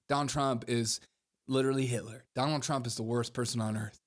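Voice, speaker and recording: A man's voice: medium pitch, steady tone, brisk. A young man hosting a commentary show, reacting to clips in a mocking way, laughing often and talking to his chat.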